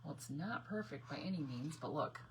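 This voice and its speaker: A woman's voice: deep voice, expressive, a little fast, slight background noise. A woman chatting casually to her viewers while doing a craft project, laughing often and muttering to herself as she works. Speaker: craft vlogger.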